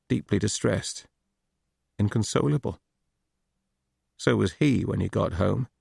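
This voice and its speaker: A man's voice: lowish voice, vocal fry, breathy edge, dry recording, clean studio sound, heavily acted. A man voicing a grieving male dentist who speaks in a shaky, hesitant voice in an audiobook.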